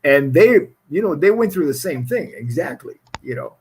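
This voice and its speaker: Husky-voiced man telling old stories. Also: fairly high pitch, very animated, moderate pace, rough recording. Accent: foreign accent. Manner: rambling, restarts phrases, laughs often. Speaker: guest musician. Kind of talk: casual storytelling interview.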